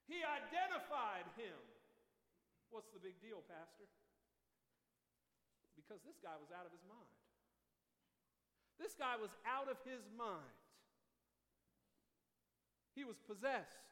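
A man pastor delivering an impassioned, rhetorical sermon that builds to shouts, at a morning church service. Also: high voice, very animated, slow pace, long pauses. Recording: echoey, reverberant hall.

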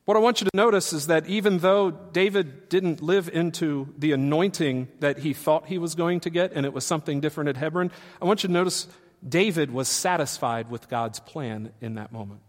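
High-voiced male preacher in a reverberant hall. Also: brisk. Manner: swings from quiet teaching to loud, animated acted-out quotes. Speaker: pastor. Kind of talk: sermon.

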